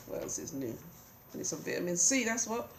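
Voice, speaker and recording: Speaking briskly in a lowish voice with big swings in pitch, a British vlogger with a cold offers a loose, um-heavy hair update at home. The roomy recording has slight background noise.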